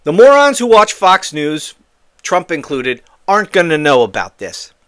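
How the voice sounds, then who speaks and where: A man's voice: fairly high pitch, big pitch swings, moderate pace, fairly bright tone. A man hosting a political commentary show, ranting in a heated, exasperated and profane way.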